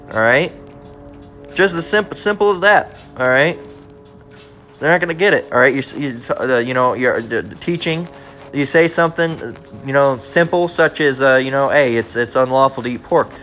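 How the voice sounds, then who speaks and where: A man's voice: a little high, lively intonation, pushed and bright, soft background music. Blunt preaching man, drilling his point. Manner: blunt, repetitive, keeps asking "all right?"; reads verses slowly and deliberately. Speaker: street preacher. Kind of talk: confrontational scripture teaching.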